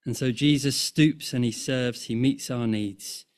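A man preaching a sermon, rhythmic and impassioned, rising in force and falling to a hush. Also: mid-range voice, fairly even intonation. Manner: slow, rhythmic, swelling and dropping to near-hush.

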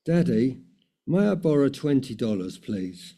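Man reading a small boy begging his dad, dark mellow tone, earnest. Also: medium pitch, sing-song, measured pace, vocal fry, heavily acted. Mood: pleading. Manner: earnest, pleading storybook reading. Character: small seven-year-old boy pleading with his father.

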